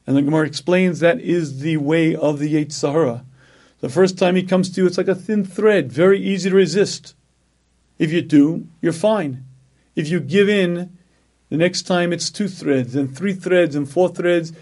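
A man giving a sermon, clearing his throat often and stressing points by repeating words. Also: sits high, steady tone, normal speed, darkish tone. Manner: frequent throat clearing, emphatic repetition. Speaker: rabbi giving a talk.

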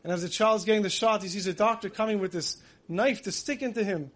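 A man's voice: high-pitched, quick pace, fairly bright tone. A man giving a dramatic sermon, telling stories vividly and acting out the voices he quotes.

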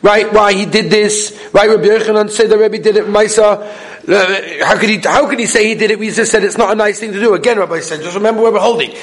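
High-voiced man chanting a Talmud lesson. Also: quick pace. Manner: singsong study chant, mixing Hebrew and English. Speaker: Talmud teacher. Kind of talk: Talmud class lecture.

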